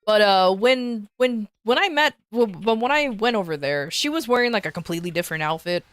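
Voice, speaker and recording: A woman's voice: mid-range voice, lively intonation, fairly quick, no room sound, clean studio sound. A woman streamer telling a rambling story in a casual chat, swearing and restarting often.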